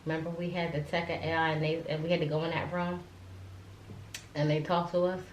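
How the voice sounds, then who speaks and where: A woman, a mother telling the story of her young daughter's diagnosis in a halting, filler-heavy way, getting emotional. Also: low voice, level tone. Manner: tells the story with many fillers and restarts, becoming tearful and emotional. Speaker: guest mother. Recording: echoey room with faint ambient noise.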